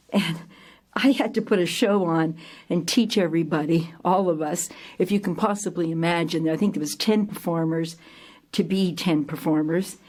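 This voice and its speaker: An older woman, founder of a theater company, tells an audience her own story with lively energy, acting out scenes as her pitch and volume suddenly leap.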